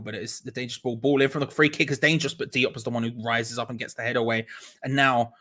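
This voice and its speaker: A young man giving excitable live fan commentary on a football match, laughing often as he reads out viewers' messages. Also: mid-range voice. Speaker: watch-along host.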